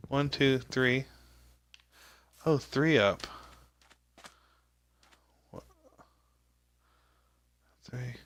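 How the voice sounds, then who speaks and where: A man's voice: mid-range voice, extremely slow, long pauses, a bit bright, slight background noise. A man giving casual gameplay commentary, rambling and exclaiming as he talks to himself. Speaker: show host.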